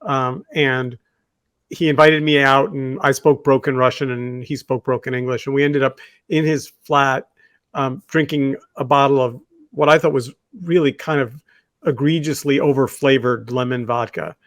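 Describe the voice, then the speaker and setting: A man's voice: medium pitch, fairly even intonation, moderate pace, a bit bright, dry recording. A man co-hosting a talk show, telling stories in a rambling, conversational way. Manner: conversational storyteller, rambling with fillers and restarts. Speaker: podcast co-host. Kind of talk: casual discussion.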